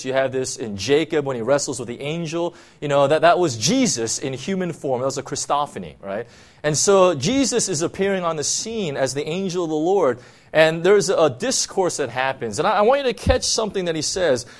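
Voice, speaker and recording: A man delivers a sermon to his congregation in a loose, conversational preaching style. His slightly high voice swings widely up and down. He keeps checking in with his listeners, and he leans on "you know" and "right?" as he goes. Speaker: pastor.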